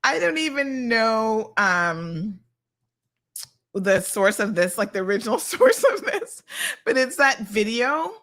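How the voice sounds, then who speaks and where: A woman's voice: a little high, takes it slowly. Sassy Caymanian woman telling stories. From Cayman Islands. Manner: sassy, animated storytelling with "honey child" asides. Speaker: host. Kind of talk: casual chat reading viewer comments.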